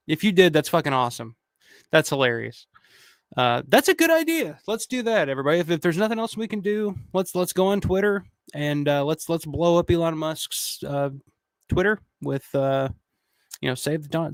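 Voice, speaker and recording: A man's voice: fairly high pitch, clear, resonant tone, dry recording, studio quality. A man in his thirties hosting a casual livestream, reading viewer comments and rambling with lots of swearing and restarts. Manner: rambling, profane, many restarts. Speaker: channel host.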